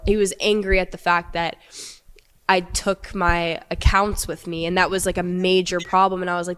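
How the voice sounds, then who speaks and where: Brief: young woman, measured and hurt, low smooth voice recounting a breakup. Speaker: interviewee telling her story. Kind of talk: personal account and reading texts aloud.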